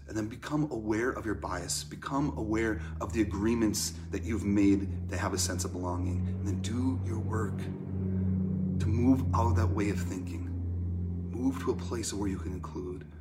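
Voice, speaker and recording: A man preaching a sermon in a conversational way, swinging from loud emphatic lines to hushed ones. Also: fairly low pitch, moderate pace, noisy background. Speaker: pastor.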